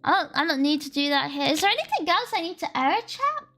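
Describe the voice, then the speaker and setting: Streaming herself as she codes, this Australian woman speaks fast in a high, very animated voice with a pushed, bright quality. The chat wanders casually, full of self-deprecating remarks and frequent laughter, over faint lofi music.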